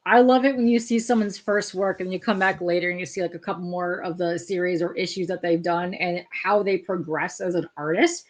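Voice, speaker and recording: A woman's voice: lowish voice, steady tone, brisk, few pauses. A woman from California hosting a casual livestream chat, bubbly and reading comments aloud. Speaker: podcast host.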